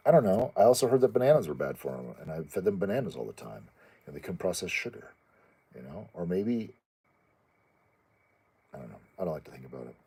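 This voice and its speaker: A man hosting his own channel, answering viewer questions in a rambling, halting casual chat full of restarts. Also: sing-song, warm tone, slightly rough. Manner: acts out pet voices in a high squeaky tone.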